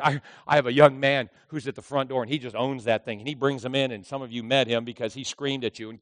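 A man preaching a sermon with passion, swinging from loud outbursts to hushed asides. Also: mid-range voice, fairly even intonation, fast, hardly any pauses, dry recording. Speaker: pastor. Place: church.

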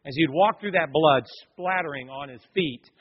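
A pastor delivers a dramatic, storytelling sermon straight to his congregation. This man has a fairly high, husky voice. The sound is a bit dull and lo-fi, with his words trailing off into the long reverb of a large church sanctuary. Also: normal speed. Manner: dramatic storytelling preacher, addresses the congregation directly.

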